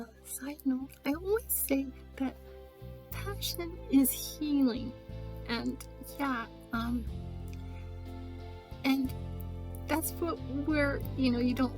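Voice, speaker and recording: High-voiced earnest woman vlogger. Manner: earnest, faith-filled and emotional, with restarts and soft trailing asides. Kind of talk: casual vlog talk.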